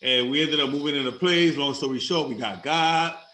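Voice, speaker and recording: A man in a casual chat, emotional and quick to laugh. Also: a little high, bright, forceful tone. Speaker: host. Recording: echoey room with faint ambience.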